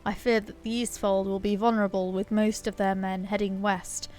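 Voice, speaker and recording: A woman reading aloud the lines of a grave old male wizard in a fantasy game, in a measured, solemn way. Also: mid-range voice, little pitch movement, a little mellow, lightly acted.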